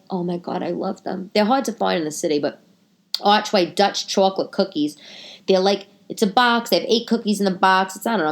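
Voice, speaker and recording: A woman, a stand-up comic hosting a casual chat, talking in a chatty, animated way with many fillers. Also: on the low side. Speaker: podcast host and stand-up comic. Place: living room.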